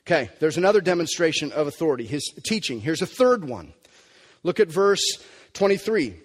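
Man, pastor, sermon, high voice, emphatic, long hall echo. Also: brisk. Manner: animated, emphatic preaching with dramatic drops to quiet.

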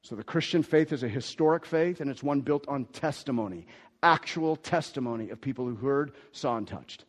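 A pastor delivers a sermon, swinging between quiet asides and loud, emphatic declarations while repeating key phrases. His voice is mid-range, his pace moderate, and the recording has a big-room sound.

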